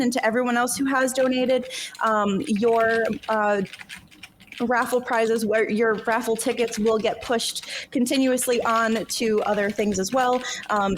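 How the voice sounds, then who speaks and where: A woman's voice: a little high, a little hiss or hum. A woman making casual announcements on a charity game stream, chatty and hesitant with many ums.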